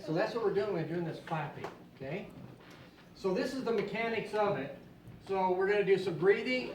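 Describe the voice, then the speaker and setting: An upbeat, fairly high-voiced man coaxes a group through laughter yoga and cheers them on. He sounds far from the mic in an echoey room, with faint ambient noise behind him. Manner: upbeat, coaxing, calls out cheers. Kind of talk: leading a group laughter exercise.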